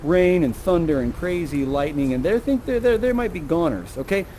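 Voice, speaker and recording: A man guiding an audience through an interactive virtual reality theatre show, chatty and animated, tagging his lines with okay and right, on a headset mic. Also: a little high, moderate pace, a little hiss or hum.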